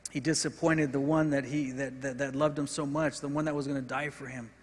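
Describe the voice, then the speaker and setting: A male pastor preaching a sermon in earnest, swinging between forceful emphasis and quiet, with frequent repeated words. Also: mid-range voice, level tone, brisk, breathy edge. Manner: earnest preaching, rising in intensity and dropping to soft, repeated words. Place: church sanctuary. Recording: hall reverb.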